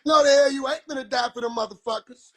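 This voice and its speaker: A man voicing a loud, bossy middle-aged mother who scolds her son with profanity, in a husky voice. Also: very high-pitched, fast talker, voice pushed up. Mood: scolding.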